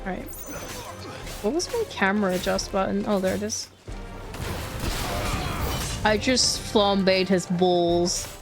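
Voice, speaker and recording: A woman's voice: medium pitch, slow pace, pauses often, loud music behind the voice. A woman streamer giving casual, playful commentary while she plays, chatting to herself and laughing easily.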